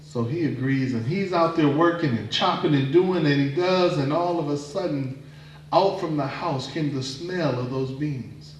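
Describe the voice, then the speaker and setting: A man telling a folktale live at a performance venue, expressive and dramatic, drawing out words. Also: fairly high pitch, a little slow, slight background noise. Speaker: storyteller. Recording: echoey room from a distant mic.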